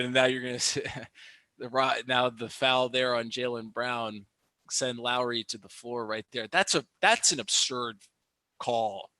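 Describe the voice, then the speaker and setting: Ranting about the refs' calls, a young live-streamer delivers excited basketball commentary full of fillers and restarts. His animated delivery comes in a medium-pitched voice with no room sound.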